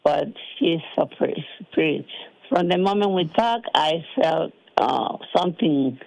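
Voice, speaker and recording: A woman's voice: low-pitched, lively intonation, unhurried, gravelly, a little mellow, no echo, rough recording. An older woman calling in to a radio show, sweetly chatting. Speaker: caller. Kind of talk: phone-in chat.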